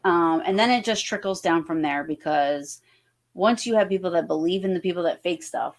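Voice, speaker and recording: A woman's voice: on the low side, moderate pace. A woman from New Jersey, a guest paranormal investigator, telling stories casually with many fillers and restarts. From New Jersey, USA. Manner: rambling, full of fillers and restarts. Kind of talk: casual storytelling on a podcast.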